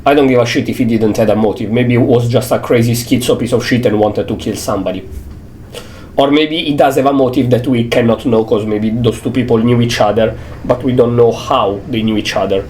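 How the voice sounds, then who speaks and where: A man's voice: mid-range voice, brisk, darkish tone, slight background noise. A young man streaming a video game, chatting casually, playful and blunt, swearing freely. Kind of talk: casual game let's-play commentary.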